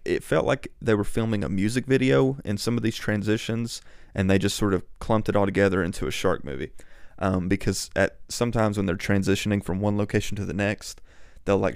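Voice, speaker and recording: A man's voice: fairly low pitch, creaky, darkish tone, clear, resonant tone, no room sound, clean studio sound. A young man casually reviewing and ranking movies, chatty and rambling, often going off on tangents.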